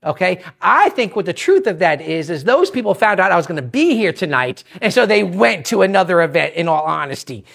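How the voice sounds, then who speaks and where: A man's voice: sits high, sing-song, fairly quick, creaky, hardly any pauses, a bit bright, breathy edge. A visiting preacher giving a sermon, a man telling stories conversationally with joking asides and self-interruptions. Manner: repeats phrases, self-interrupting.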